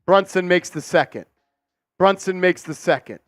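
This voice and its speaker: High-voiced man doing excitable play-by-play. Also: moderate pace, no room sound, clean studio sound. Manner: excitable, profane, mocking. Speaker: watch party play-by-play host. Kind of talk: fan play-by-play commentary.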